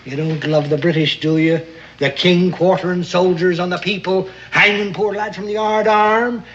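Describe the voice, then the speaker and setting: On a muffled old TV soundtrack with music, an actor in a 1960s TV drama plays a grizzled, crafty old sea captain who blusters in salty sailor slang. His voice is high-pitched and a bit bright, with fairly even intonation and a moderate pace, and he sounds gruff and scheming.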